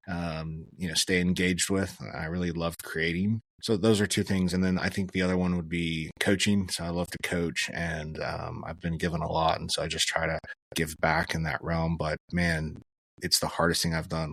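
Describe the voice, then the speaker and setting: A man's voice: low voice, a bit bright, no echo. A man, a podcast guest, talking earnestly and reflectively in a casual interview, with plenty of fillers. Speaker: podcast guest, former special forces soldier and chaplain.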